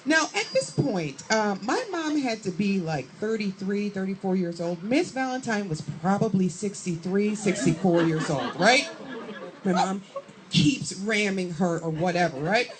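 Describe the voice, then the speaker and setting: A woman's voice: medium pitch, measured pace, crowd noise, rough recording. Profane storytelling woman comedian. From Chicago area, USA. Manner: profane, animated, acts out quotes. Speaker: stand-up comedian. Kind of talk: stand-up storytelling.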